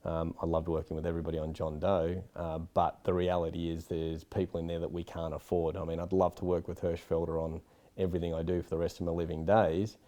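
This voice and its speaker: A man's voice: sits low, little pitch movement, brisk, warm tone. An Australian man, a film director, giving frank, rambling interview answers with many asides. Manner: rambling, frank, lots of "you know".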